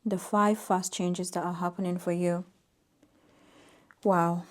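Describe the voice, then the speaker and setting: A woman giving an intuitive tarot reading to camera, reading out card meanings in a soft, gently emphatic way. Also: lowish voice, little pitch movement, slow pace. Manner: soft-spoken, reads oracle card text aloud with gentle emphasis. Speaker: tarot reader.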